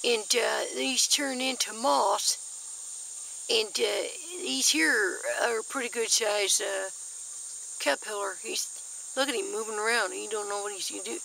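Bright folksy woman outdoors. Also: a little high, a little slow, creaky, slight background noise, rough recording. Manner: folksy, chatty, easily excited. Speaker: nature vlogger. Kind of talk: casual nature walk-and-talk. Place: outdoors in a backyard garden.

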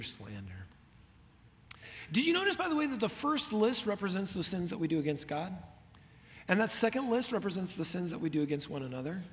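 A middle-aged male pastor preaches a sermon in a fairly high voice, telling stories with animation and acting out the lines he quotes. Slight background noise is audible, and a long hall reverb surrounds him.

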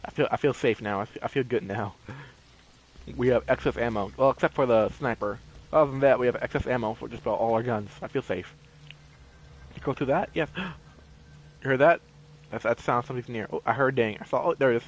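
A man commenting on his own gameplay, easily startled and thinking out loud as he plays. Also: mid-range voice, brisk, long pauses, a little hiss or hum. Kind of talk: let's play commentary.

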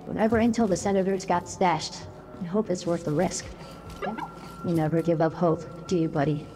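Brief: synthetic woman playing a young female Jedi in a game, flat robotic delivery, lowish pitch. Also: moderate pace. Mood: steady. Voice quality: robotic AI-generated voice. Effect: AI voice clone. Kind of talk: video game dialogue. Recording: game music behind the voice.

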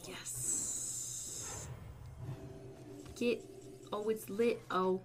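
A woman hosting a casual livestream, chatting with her viewers, swearing and breaking into bursts of excited shouting. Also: mid-range voice, very slow, slight background noise. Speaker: livestream host.

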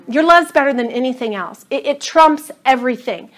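A woman leads a Bible study in a high, bright-toned voice. She teaches with animated, emphatic storytelling and reads scripture with feeling. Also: moderate pace.

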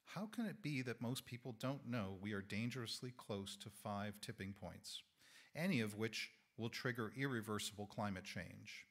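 Hoarse man, lay preacher; thoughtful, measured sermon delivery. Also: on the low side, a bit bright. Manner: thoughtful, measured, with small self-corrections. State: hoarse, losing his voice. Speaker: lay speaker giving a sermon. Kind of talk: reflective sermon talk. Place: church sanctuary.

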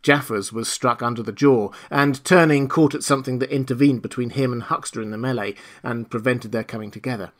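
A man narrating an audiobook with dramatic, expressive storytelling. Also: medium pitch, brisk, hardly any pauses. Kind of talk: scripted narration.

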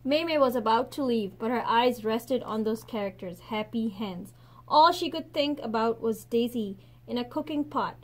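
A woman teacher reading a picture book aloud expressively, slowing and softening at the gentle endings. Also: fairly high pitch.

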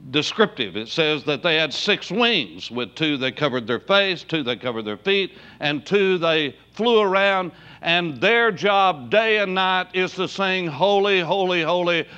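A man preaching a sermon from the pulpit, his voice a little higher than most men's. He leans hard on key words and stretches them out, then drops low and quiet. The church recording sounds dull and lo-fi. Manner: preaching with emphatic rises and drawn-out words. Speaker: pastor. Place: church sanctuary.

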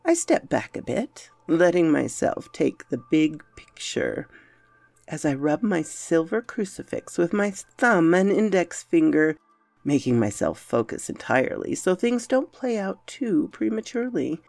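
A woman narrates a horror story in a dramatic, brooding first-person voice. Her tone has a gravelly grain and moves widely in pitch. It is recorded dry and close, with soft music underneath. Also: very animated, a little slow, no echo.

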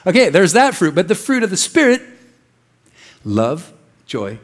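A man's voice: high-pitched, lively intonation, quick pace. A young man preaching a casual, joking sermon in a church, acting out little voices as he goes. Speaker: pastor.

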